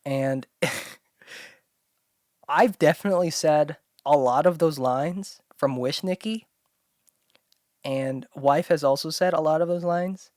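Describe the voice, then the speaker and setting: A woman's voice: low-pitched, slow, long pauses, darkish tone, no echo. Rambling young woman, dry close sound. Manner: rambling with constant "like", blunt and swearing. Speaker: solo podcast host. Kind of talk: casual talking-to-camera chat.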